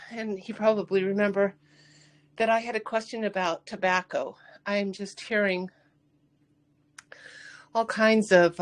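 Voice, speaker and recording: A woman calling in on her phone's speaker, out of breath from a walk, chatty and laughing easily. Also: mid-range voice. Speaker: caller.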